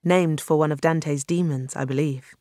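A courteous, composed woman explorer on the moon, as a storybook reader puts her on. She talks in a measured, formal way and stays gently reassuring, even when the news is grave. The read is dry and close, with no room echo. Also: deep voice, close to an everyday voice. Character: calm, courteous Chinese woman lunar explorer.

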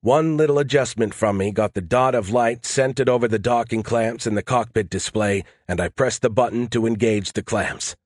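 A man's voice: mid-range voice, normal speed, hardly any pauses, darkish tone, dry recording. A man narrating a first-person audiobook in a dry, wry, matter-of-fact way.

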